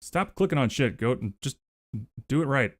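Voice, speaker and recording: A man with a medium-pitched, expressive voice talks at a normal speed, with no echo on the recording. He's live streaming and chatting casually with his viewers, rambling along, swearing freely, and thanking them effusively over and over.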